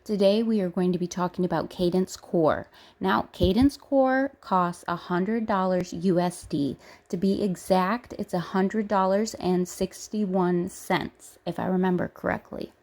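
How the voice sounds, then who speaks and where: A woman's voice: fairly low pitch, unhurried, hardly any pauses. Woman vlogger, chatty and upbeat, walks viewers through an app review. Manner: excited, chatty, addresses viewers directly. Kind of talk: casual screen-walkthrough chat.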